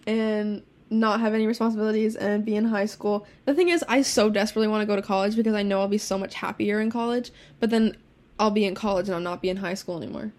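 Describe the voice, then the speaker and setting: Fast-talking teenage girl telling stories. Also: mid-range voice, fairly even intonation, darkish tone. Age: teens. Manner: fast, profane storytelling with laughs. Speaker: podcast co-host. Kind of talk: casual chat.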